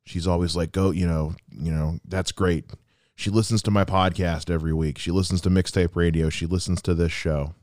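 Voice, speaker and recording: His voice sits low and slightly mellow, with fairly even intonation and a normal speed, as a thirty-something podcast host reflects earnestly on someone close to him. The heartfelt solo monologue includes quoted asides and is recorded dry.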